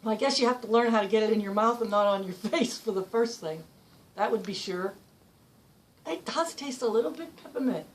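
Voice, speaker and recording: A woman's voice: fairly high pitch, lively intonation, fairly quick, slight background noise, low-quality recording. A middle-aged woman chatting playfully in a casual travel vlog, laughing easily at herself. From United States. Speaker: vlogger traveling with her husband.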